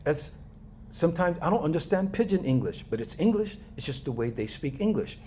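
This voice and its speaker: An American man from Los Angeles speaking in a casual, animated monologue to his viewers, emphatic and chuckling often. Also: fairly high pitch, brisk, a little hiss or hum. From Los Angeles, USA. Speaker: vlogger.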